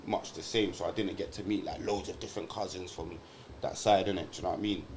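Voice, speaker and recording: Fast-talking young British man. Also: low voice, slight background noise. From Britain. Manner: animated, uses London slang like innit and bruv. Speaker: podcast co-host. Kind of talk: casual chat.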